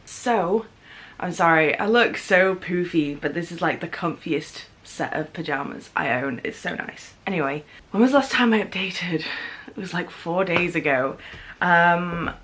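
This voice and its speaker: A young woman talks about books in a casual home vlog, chatty and gushing, with plenty of fillers. Her voice sits a little low for a woman. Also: fairly bright tone. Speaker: book vlogger. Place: home, in pajamas.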